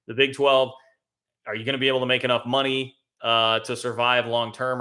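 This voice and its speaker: A man's voice: mid-range voice, pushed and bright. A man hosting a live college football talk stream, giving conversational, emphatic commentary as he thinks aloud. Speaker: college football show host.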